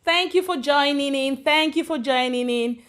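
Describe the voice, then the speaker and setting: A woman's voice: high voice, normal speed. A woman from Cameroon hosting her own live stream, chatting casually and greeting viewers by name as they join. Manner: chatty and warm, switching between English and Swedish, greeting commenters by name. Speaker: channel host on a live stream.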